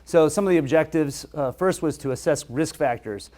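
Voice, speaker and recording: A man who is a surgeon, giving a relaxed, conversational medical lecture with frequent hesitations. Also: a little high, normal speed.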